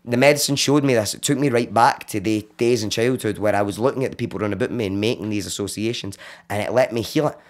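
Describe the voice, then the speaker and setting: A Glaswegian man from Scotland, a podcast guest who tells his story in casual chat, animated and swearing freely. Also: lowish voice, fast talker. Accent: Glaswegian Scottish. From Glasgow, Scotland. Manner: animated, swears freely, acts out quoted voices.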